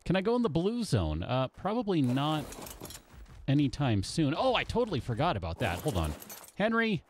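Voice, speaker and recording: A man's voice: fairly high pitch, huge pitch swings, normal speed, slight background noise. A man live-streaming a game, chatting casually with viewers in a playful, talkative way. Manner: playful, chatty, keeps greeting viewers by name.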